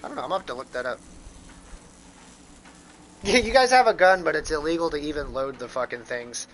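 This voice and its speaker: Brief: American streamer, profane rambling chat, sharp forward tone, desk mic. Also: male voice, a little high, animated, a little fast, slight background noise, rough recording. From United States. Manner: rambling and profane, with frequent restarts. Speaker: live streamer. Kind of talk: casual gaming stream chat.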